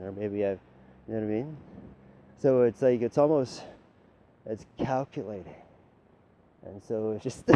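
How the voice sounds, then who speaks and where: With a fairly low, mellow voice, a man rambles through a profane, lecturing monologue aimed directly at the listener. The lo-fi recording sounds dull, with faint ambience and a little background noise.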